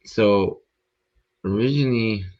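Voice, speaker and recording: A man appearing as a podcast guest, telling a story in a rambling, profane, animated way. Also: lowish voice, slow pace, highs cut off. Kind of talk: casual storytelling.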